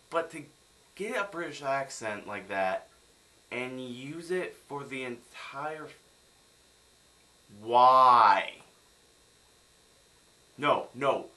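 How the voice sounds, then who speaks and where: Bright-voiced exasperated young man. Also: mid-range voice. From United States. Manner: exasperated, sarcastic ranting. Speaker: film reviewer. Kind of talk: ranting film review vlog.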